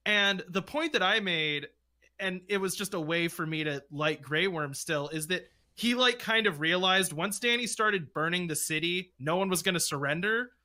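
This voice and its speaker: High, very bright-voiced man rambling. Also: moderate pace. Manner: rambling, lots of "like" fillers. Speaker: podcast co-host. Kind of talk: casual chat.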